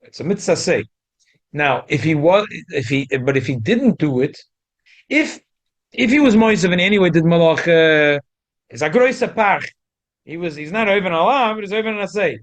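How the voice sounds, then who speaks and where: A man's voice: fairly high pitch, animated, normal speed. Man teaching Talmud. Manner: frequent stumbling restarts, rising emphatic jumps. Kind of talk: Talmud lesson.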